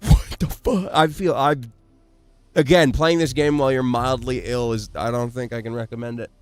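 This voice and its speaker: A man streaming a video game, chatting casually with animated, self-deprecating remarks. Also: medium pitch, moderate pace, clean tone, no room sound. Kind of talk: gameplay commentary.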